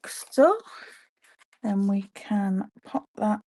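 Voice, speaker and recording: A woman streams live from her home craft room, making cards and talking with viewers throughout. She speaks slowly at a medium pitch, with lively intonation and a slightly mellow quality.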